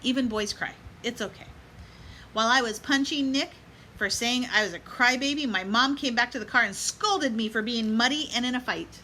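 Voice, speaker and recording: A woman reads a children's picture book aloud in a bright, clear voice, pausing now and then to give small life lessons to children and parents. She asks her young listeners to chant along with her. A faint hiss sits under her voice. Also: on the high side, poor audio. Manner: pauses to add gentle life lessons for kids and moms. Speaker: storybook reader.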